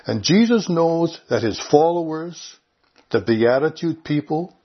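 Husky-voiced man preaching a sermon. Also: on the high side, expressive, a little slow, lo-fi sound. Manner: earnest, conversational preaching with lifts on key phrases. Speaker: pastor.

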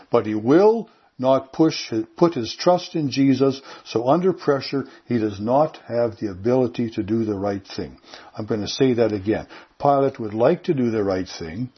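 Husky guy preaching, earnest, keeps repeating his points, dull lo-fi sound. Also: medium pitch. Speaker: pastor. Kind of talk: sermon.

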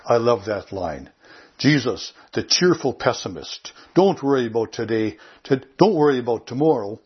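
A man's voice: mid-range voice, husky, highs cut off. A man preaching a sermon in an earnest, conversational way, lifting his voice on key phrases. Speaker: pastor.

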